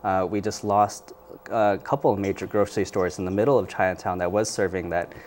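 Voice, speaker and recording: Male interview guest, low pitch, measured and thoughtful, many fillers, faint background hiss. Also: fairly even intonation, darkish tone. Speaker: community organizer guest. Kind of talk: news interview.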